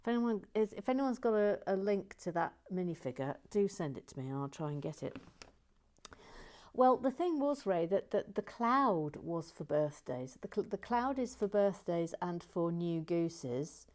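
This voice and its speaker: A woman with a slightly low voice chats casually to her livestream viewers as she builds. She rambles, restarts her sentences, and often drops to a quiet murmur. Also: sing-song, normal speed. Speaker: livestream host building LEGO sets.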